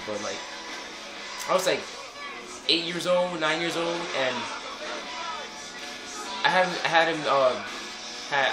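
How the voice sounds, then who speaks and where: Young guy cussing his way through a game, slow lively rambling, roomy echo, game music loud behind. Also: a little high. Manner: profane, rambling, frequent swearing at the game. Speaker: gameplay commentator. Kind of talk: casual gameplay commentary.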